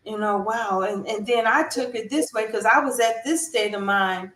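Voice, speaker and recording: High-voiced woman telling stories in an echoey room. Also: moderate pace, a little hiss or hum. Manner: animated storyteller who acts out other people's lines. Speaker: guest counselor. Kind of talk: storytelling interview talk. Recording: roomy echo.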